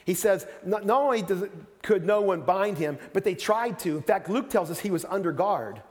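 A man's voice: sits high, lively intonation, normal speed, long reverb tail. A man preaching a sermon as pastor, earnest, often repeating words as he starts a sentence.

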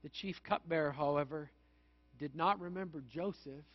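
A pastor from Manitoba, Canada, preaches in a high voice at a normal speed. His sermon feels conversational, packed with stories and self-mocking jokes, and the recording is dull and lo-fi.

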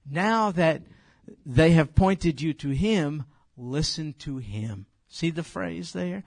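A man's voice: a little high, expressive, slow, gravelly, dry recording, studio quality. An older man leading an informal Bible study, emphatic and conversational, speaking directly to his listeners. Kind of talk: informal Bible teaching to a group.

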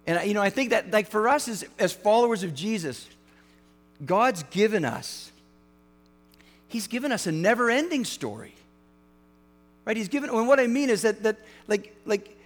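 A male pastor giving a sermon in a casual, animated way, with frequent restarts and fillers. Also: sits high, moderate pace, long pauses. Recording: hall reverb, mains hum.

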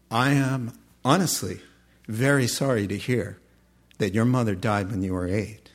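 A middle-aged man preaching a sermon as pastor, lively and humorous, with playful asides and quick self-corrections. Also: on the low side.

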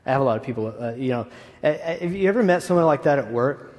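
A man's voice: fairly high pitch, animated, brisk, a little mellow. A man preaching a sermon as pastor in a casual, enthusiastic way with asides. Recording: echoey hall.

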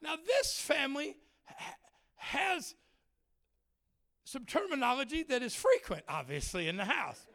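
This traveling preacher and worship leader from Germany has a very high-pitched voice and a measured pace. His sermon is humorous and animated, packed with stories, frequent laughter, jokes and acted-out voices.

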